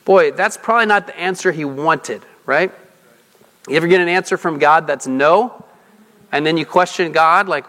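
A man's voice: fairly high pitch, moderate pace, bright, forceful tone. A male pastor preaching a sermon in a conversational way, putting questions to the congregation and restarting his sentences often. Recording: reverberant hall.

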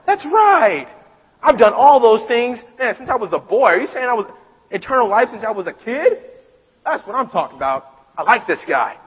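A preacher voicing an eager, self-satisfied rich young man who boasts excitedly. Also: a little high, brisk, slightly rough, full character voice. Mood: excited, boastful. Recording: dull recording with long hall reverb.

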